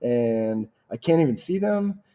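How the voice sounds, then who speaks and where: A man's voice: medium pitch, lively intonation, measured pace, mellow. A man hosting a casual podcast conversation in an easygoing, joking manner.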